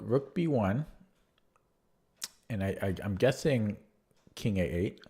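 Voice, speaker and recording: A young man with a slightly low voice talks through chess puzzles on a live stream. He thinks aloud, stumbles and restarts on words as he works out lines, and answers his chat between moves. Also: darkish tone. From Canada. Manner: chatty replies to viewer chat.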